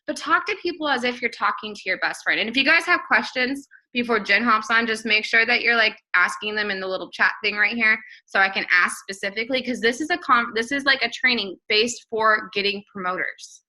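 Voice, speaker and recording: A woman's voice: a little high, fairly quick, few pauses, pushed and bright, low-quality recording. A young woman giving a blunt, emphatic live training talk to her viewers, repeating phrases for emphasis. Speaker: network marketing trainer.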